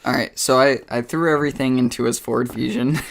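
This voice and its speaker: A man's voice: mid-range voice, fairly even intonation, fairly quick, vocal fry. Young male podcast co-host, easygoing storyteller, lots of "like", smiling tone. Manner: easygoing, filler-heavy, smiles while talking. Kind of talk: casual podcast chat, storytelling.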